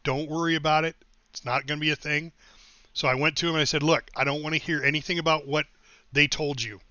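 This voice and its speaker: A man's voice: on the high side, steady tone, fast, bright, forceful tone, no echo, lo-fi sound. A middle-aged man streaming a game, telling long personal stories in a casual, rambling way and thanking his followers. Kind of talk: casual storytelling while livestreaming.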